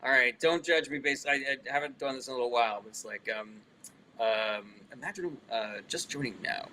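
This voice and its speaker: A man's voice: medium pitch, steady tone, fairly quick, pushed and bright, poor audio. A male comedian casually answering live chat questions, loose and profane, reading each question aloud before he answers.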